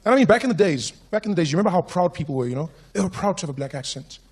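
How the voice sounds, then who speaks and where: A man with a South African accent doing stand-up comedy, animated, with lots of acted asides. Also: sits high, rapid-fire, slightly rough.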